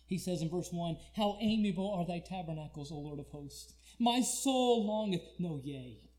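A man preaches a sermon. He drops to near whispers and then builds to loud, shouted cries, stretching his pleading lines slowly. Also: high-pitched, lively intonation.

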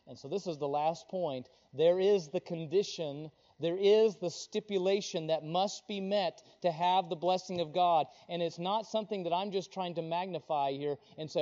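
A man preaching a sermon with fervent emphasis, dropping to a hush and then rising loud. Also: a little high. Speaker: pastor. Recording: dull lo-fi recording.

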